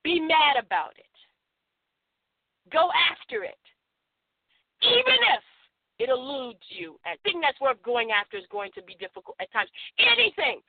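A high-pitched woman hosting a motivational radio show, pressing her points with emphatic repeated affirmations. Her voice comes through a narrow, phone-like band with a dry, close sound. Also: big pitch swings, moderate pace, pauses often, no room sound. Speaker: radio host.

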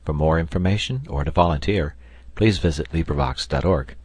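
A man from South Carolina narrating a classic adventure novel in a measured, even reading. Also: very deep voice, slightly rough, no echo. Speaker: audiobook narrator. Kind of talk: volunteer audiobook narration.

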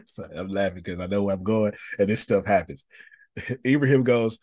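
A man hosting a podcast, giving an animated motivational talk and calling on people in the room by name. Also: fairly low pitch, moderate pace, dry recording, clean studio sound. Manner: preachy, animated, addresses listeners by name. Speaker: podcast host. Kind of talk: motivational talk to a live group.

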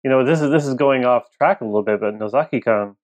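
A man chatting on a podcast panel, animated, joking and stumbling into restarts. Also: mid-range voice, fast talker, dry recording. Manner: animated, jokes, stammers into restarts. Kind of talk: casual chat.

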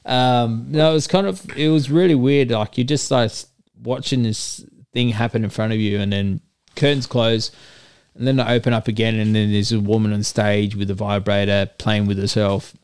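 A man tells a long, crude story in casual chat. His voice sounds smooth and resonant, and the room is dry and close. He jumps into other people's voices as he goes. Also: fairly low pitch, normal speed, no echo. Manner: rambling crude anecdote, animated quoting. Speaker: storyteller guest.

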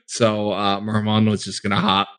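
A man's voice: fairly low pitch, monotone, normal speed, a bit bright, clean tone, voice pushed down, close to an everyday voice. Man doing a drawling forest gnome, Merman. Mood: folksy. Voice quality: drawling, rambling. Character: folksy male forest gnome adventurer. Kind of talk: tabletop role-play.

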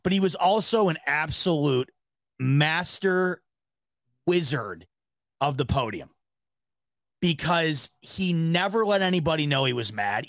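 A man hosting a sports podcast, chatting casually and telling stories in a rambling, animated way. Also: fairly high pitch, no echo. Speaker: podcast host.

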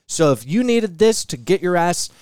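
A young man hosting a podcast with friends, his voice sitting a little high and swinging widely in pitch. He talks loosely and jokes around. The sound is dry and close. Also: moderate pace, clear, resonant tone, dry recording. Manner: animated, jokey, loose. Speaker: podcast host. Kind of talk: casual chat.

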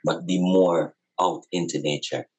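A man's voice: low voice, fairly even intonation, unhurried, a little mellow, rough recording. A man talking as a guest over a video call, reasoning earnestly with impassioned, repetitive, preacherly emphasis. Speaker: podcast guest.

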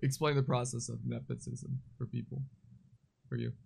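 Gravelly, animated male podcast host. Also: mid-range voice, moderate pace. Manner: playful, laughing, slangy. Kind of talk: casual podcast interview.

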